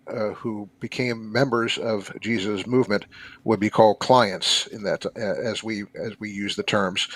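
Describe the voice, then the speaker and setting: A man speaking as a podcast guest, explaining in a measured way with frequent fillers. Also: lowish voice. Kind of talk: explanatory discussion.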